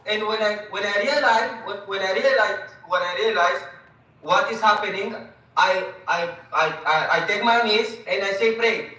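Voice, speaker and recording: A man sharing his story in halting, broken English, repeating words as he goes. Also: high voice, bright, forceful tone. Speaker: group member sharing. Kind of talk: personal testimony. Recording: very echoey room, voice far from mic.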